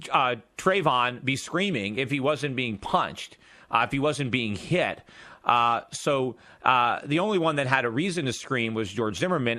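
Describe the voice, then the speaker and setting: A man's voice: mid-range voice, pushed and bright. A man hosting a radio talk show, delivering an argumentative, emphatic political monologue with frequent restarts and filler.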